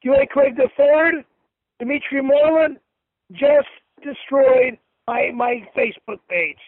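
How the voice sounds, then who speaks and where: A man's voice: very high voice, measured pace, dry recording, phone-quality sound. A man ranting furiously and cursing while reading messages aloud, punctuation and all.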